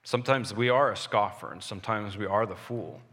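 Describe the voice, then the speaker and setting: A man preaching a sermon as a pastor, earnest, pausing and restarting as he explains a scripture passage. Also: on the low side, fairly bright tone. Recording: long reverb of a large hall.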